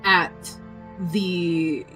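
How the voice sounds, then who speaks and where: A woman playing in a tabletop game, speaking in a halting way and correcting herself as she goes. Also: fairly low pitch, steady tone, pushed and bright, soft background music. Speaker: player. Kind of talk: casual tabletop play.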